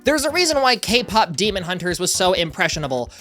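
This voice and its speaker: A woman's voice: lowish voice, sing-song, brisk, fairly bright tone, faint music behind. A woman hosting a commentary video, talking casually with wry, sarcastic asides.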